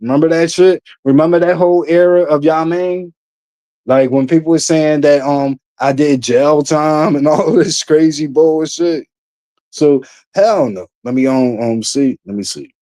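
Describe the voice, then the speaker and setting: Rambling New man streaming, dark dry voice. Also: on the high side, measured pace, no room sound. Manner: rambling, many fillers, blunt and profane. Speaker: livestream host. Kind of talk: casual livestream chat.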